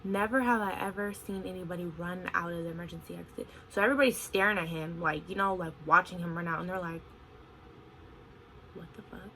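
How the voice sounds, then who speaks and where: A young woman in her twenties telling a story on her vlog in an animated, expressive way, full of "like". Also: lowish voice, brisk, a little hiss or hum, low-quality recording. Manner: animated, expressive retelling with frequent "like". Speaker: vlogger.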